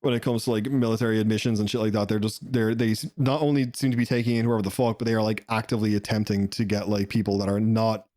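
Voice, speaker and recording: Irish man, fast-talking guest, profane and giggly, close dry mic. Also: fairly low pitch, level tone, mellow, no echo. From Ireland. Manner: profane, rambling, laughs often. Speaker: podcast guest. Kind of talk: casual podcast chat.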